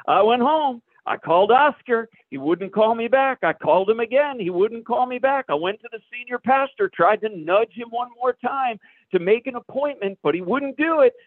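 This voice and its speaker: High-voiced man preaching over tinny radio. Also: moderate pace, dry recording. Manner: lively storyteller acting out dialogue. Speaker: pastor. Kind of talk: sermon storytelling. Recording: dry, phone-like radio broadcast.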